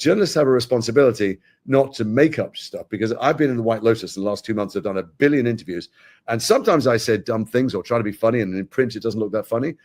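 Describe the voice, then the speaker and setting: A middle-aged man from Britain, an actor chatting as an interview guest, telling animated stories with quick asides. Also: mid-range voice. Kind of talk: casual interview chat.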